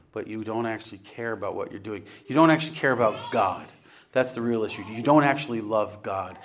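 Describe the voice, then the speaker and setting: A man preaching an earnest, conversational sermon, rising to emphatic points and putting questions to his congregation. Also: lowish voice. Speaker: pastor.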